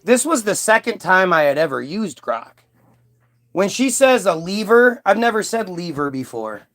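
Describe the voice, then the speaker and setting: A man's voice: high voice, sing-song, normal speed, a bit bright. Emphatic man, rambling casual monologue. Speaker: vlogger.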